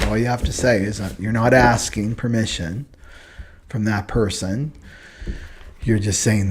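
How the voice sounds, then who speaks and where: A man's voice: fairly low pitch, steady tone, normal speed, noisy background. A man giving a casual, rambling spoken lesson on personality types, earnest and often checking in with "right?". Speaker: astrology and human design teacher. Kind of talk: casual spoken teaching monologue.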